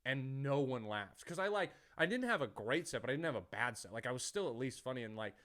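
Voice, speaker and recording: A man hosting a comedy podcast, telling stories in casual chat, swearing often and acting out other people's lines loudly. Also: mid-range voice, quick pace. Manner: animated, acts out quotes loudly, swears often.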